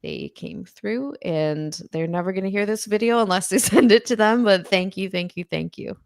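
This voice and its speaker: A woman's voice: mid-range voice, normal speed, no echo. Woman guest on a stream, chatty, keeps restarting, dry mic no room. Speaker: guest commentator. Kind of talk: casual livestream chat.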